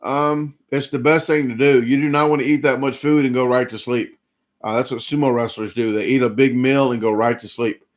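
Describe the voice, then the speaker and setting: A man's voice: mid-range voice, steady tone, brisk. A man, rambling through a casual live-stream chat after an eating challenge and greeting viewers by name. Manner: rambling, chatty, reads out viewer names; full and sluggish after a big eating challenge.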